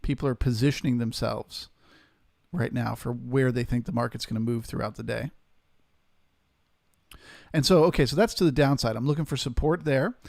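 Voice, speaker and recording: A man's voice: medium pitch, normal speed, creaky, long pauses, darkish tone, no echo, clean studio sound. A man hosting a live trading stream, steadily talking through market levels and greeting viewers in chat.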